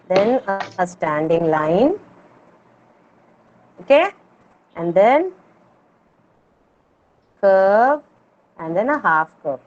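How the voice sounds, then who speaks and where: A woman's voice: mid-range voice, lo-fi sound. Patient woman teaching young children. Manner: patient, repeats words for children to echo. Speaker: kindergarten teacher. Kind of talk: online class teaching. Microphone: video call.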